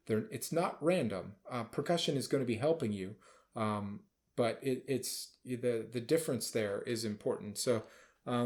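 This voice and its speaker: A man's voice: mid-range voice, darkish tone. A man leading a band rehearsal, calling out cues and explaining the music between passages. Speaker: band director. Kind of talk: rehearsal instruction over a recording. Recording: music playing underneath. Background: band music playing.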